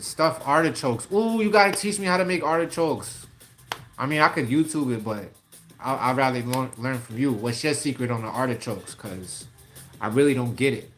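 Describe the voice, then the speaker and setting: A man from New York City with a New York accent, hosting a casual livestream and chatting with viewers in lively slang. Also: on the high side. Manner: animated, slangy, laughs often, talks to viewers by name. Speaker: livestream host. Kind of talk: casual live chat reading comments.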